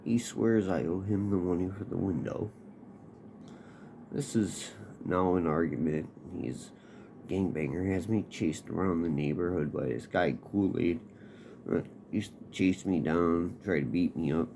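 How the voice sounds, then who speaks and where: Deep, gravelly, slow-talking man. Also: mellow. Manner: laid-back, profane, rambling. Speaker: podcast host. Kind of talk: casual personal storytelling. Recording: noisy background hiss.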